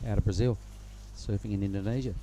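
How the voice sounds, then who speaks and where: A man commentating live surfing in a relaxed, rambling way. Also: on the low side, fast talker, heavy background noise. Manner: relaxed, rambling, many fillers. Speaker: surf commentator.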